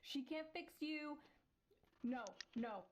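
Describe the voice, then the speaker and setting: Sardonic deadpan woman roasting posts, kinda high voice, swears a lot. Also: takes it slowly, slight background noise. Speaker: commentator in a reacted-to video. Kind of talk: sarcastic reaction commentary.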